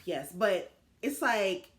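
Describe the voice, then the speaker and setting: Mid-pitched woman recapping a show. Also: big pitch swings, drawn-out words. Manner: narrates scenes, laughs along. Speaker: podcast co-host. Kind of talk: casual TV recap chat.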